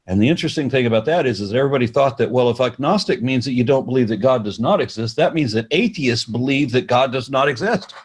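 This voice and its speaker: A man being interviewed, explaining at length in a measured way, with frequent restarts. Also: mid-range voice, lively intonation, breathy edge. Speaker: atheist organization representative, interview guest.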